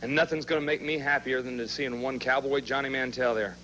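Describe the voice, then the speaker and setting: A man's voice: mid-range voice, steady tone, a little fast, sharp tone. A man cutting a fired-up, challenging wrestling promo on old TV audio. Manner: fired up, challenging, Southern drawl slang. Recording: dull old TV audio with faint hum.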